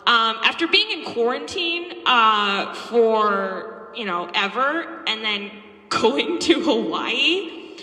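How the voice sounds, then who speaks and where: A young woman doing a stand-up set, telling stories in an animated, profane way and laughing often. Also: fairly high pitch, slow pace. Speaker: stand-up comedian. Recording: echoey hall with long reverb.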